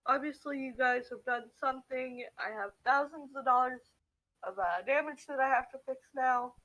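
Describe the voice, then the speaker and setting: A man's voice: extremely high pitch, moderate pace, bright, forceful tone, lo-fi sound. A man voicing the stern woman who owns the arena, scolding the players curtly. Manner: scolding, curt.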